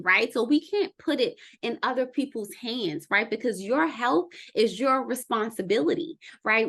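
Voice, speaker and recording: Animated woman giving casual advice. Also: creaky. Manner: conversational, often ends with "right?"; lively, quick swings in pitch and loudness. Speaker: wellness vlogger. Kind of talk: casual advice talk to camera.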